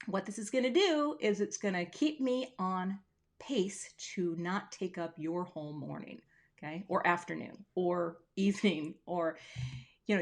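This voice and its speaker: A woman hosting a casual live crafting tutorial from her home craft room on a webcam, chatty and playful, with self-deprecating asides. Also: mid-range voice. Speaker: craft teacher hosting a livestream.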